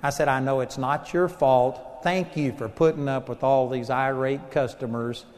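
A man with a Texan accent preaching a sermon as pastor, telling stories and swinging between loud emphasis and soft asides. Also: mid-range voice, steady tone, moderate pace. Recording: long hall reverb.

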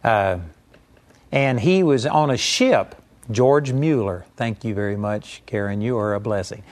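A man's voice: fairly low pitch, a little slow. A man preaching a teaching sermon, earnest and direct, with a live audience present. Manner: earnest, mimics whiny pleading voices in quotes.

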